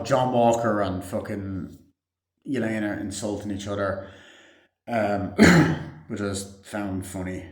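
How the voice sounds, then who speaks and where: A man's voice: lowish voice, a little mellow. A man casually recapping a movie scene by scene, rambling and swearing, with a lot of "like" fillers. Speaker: movie reviewer. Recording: echoey room.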